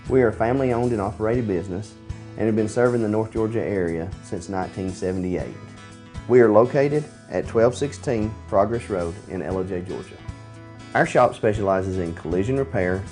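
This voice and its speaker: A man's voice: fairly low pitch, fairly quick, a little mellow, faint music behind. A man, a shop manager reading a scripted radio ad in a plain way. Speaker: business manager in an ad.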